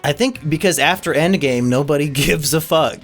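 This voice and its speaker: A man's voice: on the high side, moderate pace, faint music behind. A man co-hosting a casual movie podcast, blunt and crude, talking with strong opinions. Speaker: podcast co-host.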